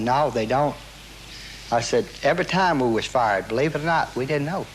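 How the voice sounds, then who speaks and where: A man's voice: medium pitch, a little hiss or hum, rough recording. A man in an interview telling a story in a casual way, acting out quotes with many repeats and restarts, and swearing now and then. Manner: animated retelling, heavy quoting, repeats and restarts, swears.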